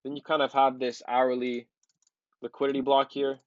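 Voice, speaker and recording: A man talks viewers through trading charts in a relaxed, rambling way, dropping ums and filler words as he goes. His voice sits at an ordinary middle pitch. The recording is muffled and lo-fi, with a close, dry sound and no room echo. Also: normal speed. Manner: loose, chatty, many ums and honestlys. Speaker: trading educator. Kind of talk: casual screen-share chart walkthrough.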